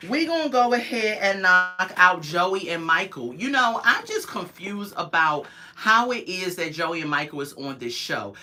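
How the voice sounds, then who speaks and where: A woman's voice: lowish voice, big pitch swings, a little slow, few pauses, pushed and bright, soft background music. A woman, casually reviewing a reality show on a livestream and chatting with her viewers. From United States. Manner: chatty, opinionated, talks to viewers in chat.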